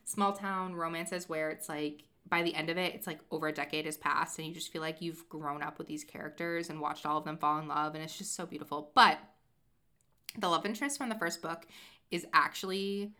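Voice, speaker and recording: Young female podcast co-host, chatty book talk, slightly low and bright. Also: a little fast. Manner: chatty, animated storytelling with many fillers. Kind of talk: casual chat about books.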